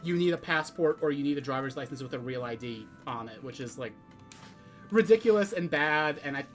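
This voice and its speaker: A man's voice: mid-range voice, animated, fairly quick, faint music behind. A man streaming a game with a friend, talking casually with lots of fillers and teasing banter. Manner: rambling, many "like" fillers, teasing. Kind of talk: casual co-op let's-play chat.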